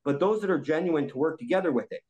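A man's voice: fairly high pitch, lively intonation, quick pace, a little mellow, low-quality recording. A man in his forties, a guest on a podcast roundtable, ranting angrily and swearing often. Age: 40s. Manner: angry, profane ranting. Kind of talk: heated podcast discussion.

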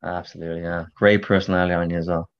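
Low-ish voiced guy telling stories, does all the voices, kinda muffled lo-fi audio. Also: very fast, clear, resonant tone. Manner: animated storyteller, acts out quoted voices. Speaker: podcast guest. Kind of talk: casual chat between old friends. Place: living in California.

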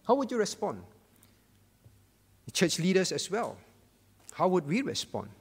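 Animated high-voiced preacher in a reverberant church. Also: male voice, moderate pace, long pauses, breathy edge. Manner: emphatic, repeats key phrases and asks the congregation questions. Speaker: pastor. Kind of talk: sermon.

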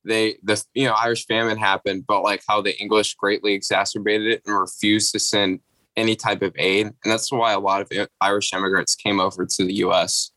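A man co-hosts a casual podcast in an easygoing way, often laughing along with the others. His voice is bright and mid-pitched, and it sounds dry and close to the mic. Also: little pitch movement, fairly quick, no echo, rough recording. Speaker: podcast co-host.

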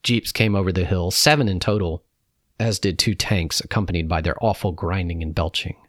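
A man reading a personal reflection aloud in a calm, measured way. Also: low-pitched, dry recording, studio quality. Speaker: narrator.

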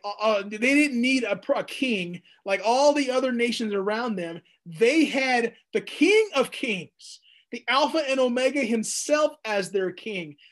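A man in his thirties teaching verse by verse through scripture in a jokey, animated way, acting out the quotes. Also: high-pitched. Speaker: Bible teacher.

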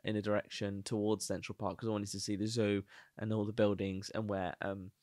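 A man's voice: lowish voice, level tone, brisk, darkish tone, no room sound, clean studio sound. A young man with a Birmingham accent, co-hosting a podcast in casual chat and telling rambling, jokey stories. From England. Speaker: podcast co-host.

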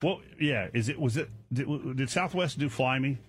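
A man's voice: mid-range voice, moderate pace. Chatty radio host man, easygoing. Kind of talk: casual morning radio banter.

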